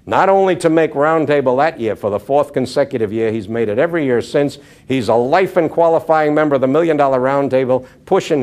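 A male speaker telling a story to a room of salespeople, earnest and steady. He drops into hushed tones to drive his points home. His pitch sits in an ordinary middle range for a man. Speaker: motivational speaker. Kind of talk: motivational seminar talk. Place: room with a live audience.

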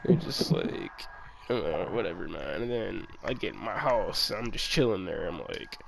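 A man's voice: low-pitched, animated, a little slow, creaky, rough recording. A man casually telling a rambling, profanity-laced story, acting out bits of dialogue, with crowd chatter behind. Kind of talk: casual chat.

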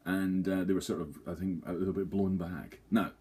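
A man with a very low, husky voice talking straight to camera. He rambles and jokes at his own expense, stumbling through fillers as he reviews a play. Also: steady tone, moderate pace, mellow. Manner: rambling, self-deprecating, jokey, many fillers. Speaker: theatre reviewer.

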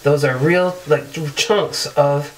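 A woman's voice: low-pitched, slow pace, a little hiss or hum, low-quality recording. Chatty woman vlogger by the tub. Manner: chatty and upbeat, with fillers. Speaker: beauty vlogger. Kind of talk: casual product demo.

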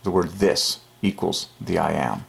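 A man with a very deep, heavily gravelly voice delivers an excited religious monologue straight to his viewers. He talks emphatically and keeps breaking into little chuckles. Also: unhurried. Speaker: channel host. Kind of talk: casual religious monologue to camera.

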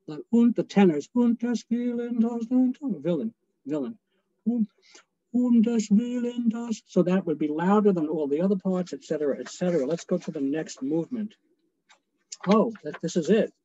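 A man, a choral conductor, gives a relaxed and chatty lecture over a video call and sings short phrases to show his points. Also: fairly high pitch, no echo. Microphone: video call microphone. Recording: dull, dry video call audio.

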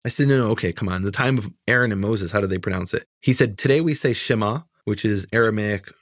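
A man's voice: lowish voice, fast talker, dry recording, studio quality. A man teaching in conversation, emphatic and dismissive of mistaken ideas, explaining word meanings step by step. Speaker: Bible teacher.

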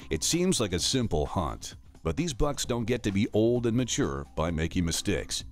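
Deep-voiced male show narrator. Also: sing-song, moderate pace, faint music behind. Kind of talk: scripted narration.

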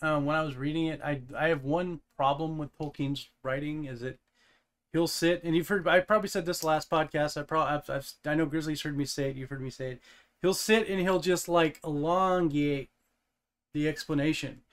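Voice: medium pitch, steady tone, moderate pace. A podcast co-host chatting casually, teasing, cracking crude jokes and riffing on a book. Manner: jokey, crude humor, teasing. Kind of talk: casual chat.

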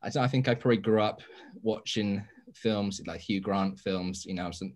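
A man's voice: fairly low pitch, moderate pace, a little mellow. A young man, a romance author, talking in a modest, easygoing way with lots of ums on a panel. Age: young adult. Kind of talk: casual panel chat on a video call.

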